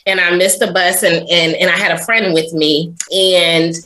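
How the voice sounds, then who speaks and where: A woman's voice: lowish voice, fairly even intonation, normal speed, pushed and bright, rough recording. A woman, an interview guest, telling a personal story in an earnest, confessional way, often adding "right?" and "you know".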